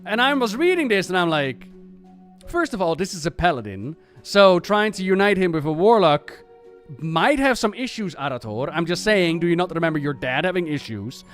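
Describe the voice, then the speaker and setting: Animated ranting man streamer. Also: sits high, normal speed, soft background music. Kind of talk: casual lore chat.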